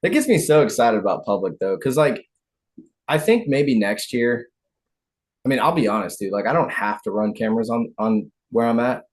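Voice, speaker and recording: A man hosting a podcast in relaxed, casual chat, trailing off quietly at the end of thoughts. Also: medium pitch, normal speed. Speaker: podcast host.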